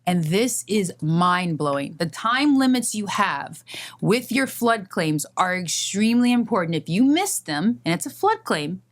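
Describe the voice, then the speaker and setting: A woman attorney hosting a podcast in casual chat, telling stories with animated acted-out phone calls. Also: mid-range voice, measured pace.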